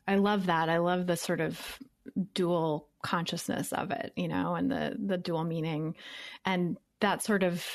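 Woman interviewer, lowish dry voice. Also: fairly even intonation, measured pace, no room sound. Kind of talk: interview questions.

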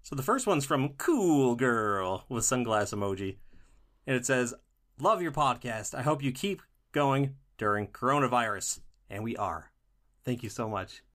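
A cheerful man chatting as a podcast co-host. He keeps things light and breaks into laughter often, in a relaxed and casual way. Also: mid-range voice, unhurried. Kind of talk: casual chat.

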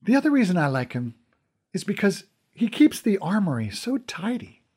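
A man voicing a fond, gently teasing mother in a storybook reading. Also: high voice, big pitch swings, moderate pace, slightly rough, pitched above the performer's own voice, exaggerated voice. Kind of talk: audiobook character reading.

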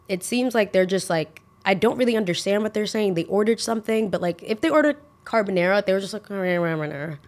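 Young woman, podcast host, casual storytime, animated, mid-pitched voice, acts out the dialogue. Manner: animated, acts out quoted dialogue, heavy use of "like".

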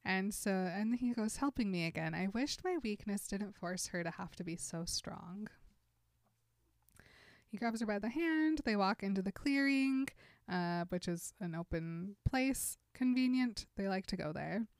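A woman's voice: medium pitch, measured pace, no room sound, clean studio sound. A woman casually retelling a novel's scenes as a podcast co-host, laughing often and quoting the characters in passing. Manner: animated storyteller who laughs often and quotes characters in passing. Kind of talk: casual chat.

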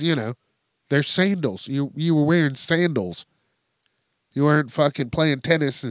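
A man's voice: mid-range voice, dry recording, clean studio sound. A man hosting a podcast, ranting crudely and swearing constantly, laughing at his own jokes. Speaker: podcast host. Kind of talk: profane comedic rant.

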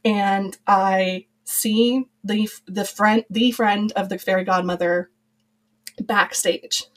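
A woman in her thirties, a podcast guest, telling a personal story in casual chat with an animated, storytelling manner. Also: mid-range voice, slow pace, rough recording. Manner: animated storyteller, quoting others in lively voices.

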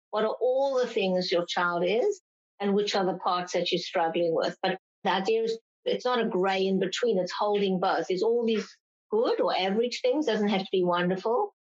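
Explaining woman psychologist, slightly lo-fi. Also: mid-range voice. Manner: explanatory, acts out parents' complaints in raised voices. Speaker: clinical psychologist guest. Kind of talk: interview answers. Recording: slightly dull lo-fi sound.

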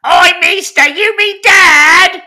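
A man doing a shrill cheeky Cockney urchin. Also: slow, pushed and bright, exaggerated voice. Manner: shrill exaggerated cockney put-on. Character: loud cheeky Cockney street urchin boy.

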